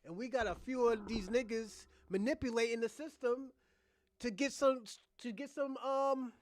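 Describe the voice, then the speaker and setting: A man's voice: very high voice, fairly even intonation, moderate pace, slight background noise. A man hosting a reaction livestream, ranting in a blunt, profane, rambling way. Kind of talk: casual livestream commentary.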